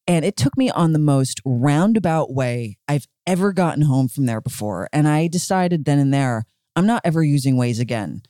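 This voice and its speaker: A woman co-hosting a podcast in casual chat, teasing and quick, swearing now and then. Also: deep voice, animated, dark tone, no room sound, clean studio sound. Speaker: podcast co-host.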